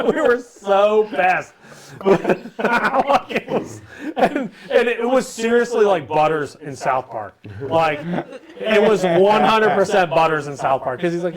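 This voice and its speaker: Male co-host, animated swearing storyteller, slightly high voice, crowd chatter behind. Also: slow. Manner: animated storyteller, swearing, acts out shouting friends. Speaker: podcast co-host. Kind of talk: casual storytelling chat. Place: live podcast studio with friends.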